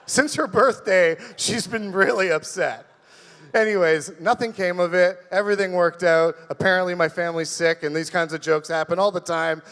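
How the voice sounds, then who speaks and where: A man's voice: sits high, fairly even intonation, moderate pace, a bit bright. A man hosting a comedy show, cracking a joke and then hyping the crowd as he brings up the next act. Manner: jokey, hypes up the crowd. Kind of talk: emcee introducing the next act. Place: comedy club stage. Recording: live room with long reverb.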